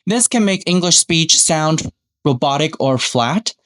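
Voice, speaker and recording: A man's voice: a little high, animated, measured pace, a bit bright. Man teaching English. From Taiwan. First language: Mandarin. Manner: explains step by step, models example phrases aloud. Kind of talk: podcast lesson on speaking skills.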